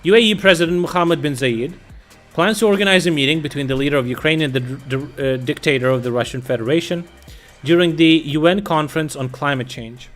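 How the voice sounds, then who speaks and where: A man with a slightly raised voice talks through war news in a loose, swearing streamer style. He reads headlines aloud and reacts bluntly. Soft music plays faintly underneath. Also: fairly high pitch, brisk. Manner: profane, blunt, bursts of loud laughter. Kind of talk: casual live-stream commentary.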